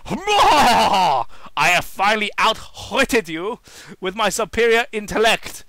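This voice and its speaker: A man's voice: sits high, moderate pace, sharp tone, no echo. A man voicing a smug, scheming, big-bellied male villain who gloats theatrically. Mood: gloating.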